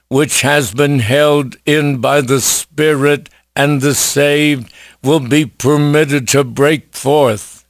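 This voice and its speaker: A man preaching an evangelistic sermon, slow and emphatic, with many rhetorical questions. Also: a little high, no room sound, clean studio sound.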